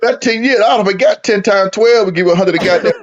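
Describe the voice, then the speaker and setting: A man telling a prison story in a casual chat, animated and profane, laughing as he talks. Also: sits high, fast talker, a little hiss or hum. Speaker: podcast co-host telling a story. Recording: dull lo-fi recording.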